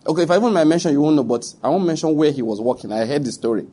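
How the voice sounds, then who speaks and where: Middle-aged Nigerian pastor, emphatic sermon delivery, slightly high husky voice. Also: male voice, racing, mellow. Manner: emphatic, repeats points, addresses audience directly. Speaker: preacher.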